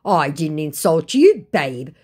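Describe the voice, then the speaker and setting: A woman voicing a cocky, menacing male online scammer, read out in a slow, drawn-out, mocking way. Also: low voice, very animated, a little mellow, slightly rough, heavily acted. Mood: offended.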